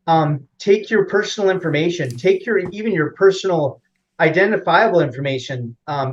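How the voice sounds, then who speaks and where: Male interview guest, slightly high voice, rambling with fillers, lo-fi audio. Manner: rambling, many fillers and restarts. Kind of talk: casual explanatory interview.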